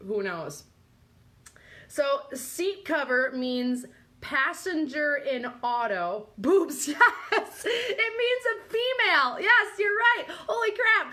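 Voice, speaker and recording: Woman host, high voice, bright tone, unhurried delivery, giggly, chatty quizzing. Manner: giggly, breaks into helpless laughing fits. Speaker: podcast host. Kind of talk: live quiz show chat.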